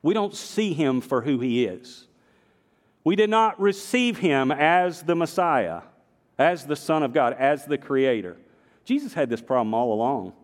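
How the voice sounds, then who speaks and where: A man with a slight Southern accent preaching a sermon, moving between emphatic declarations and quiet, conversational storytelling. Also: fairly high pitch, animated, a little slow, in a large hall. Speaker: pastor. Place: church sanctuary.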